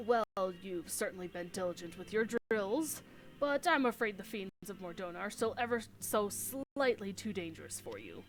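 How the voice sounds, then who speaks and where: A woman voicing a proud, formal adult male adventurer from a fantasy game, speaking in old-fashioned measured phrases. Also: mid-range voice, sing-song, soft background music, voice pushed down.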